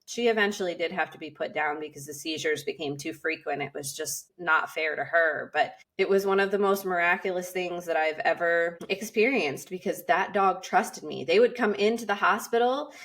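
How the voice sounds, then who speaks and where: Woman host telling a story, lower voice. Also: normal speed, hardly any pauses, a bit bright. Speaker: podcast host. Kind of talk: casual conversation.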